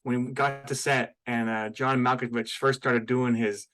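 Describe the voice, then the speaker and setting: A man's voice: mid-range voice, level tone, moderate pace, fairly bright tone. A man co-hosting a podcast, chatting casually and laughing easily. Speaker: podcast co-host.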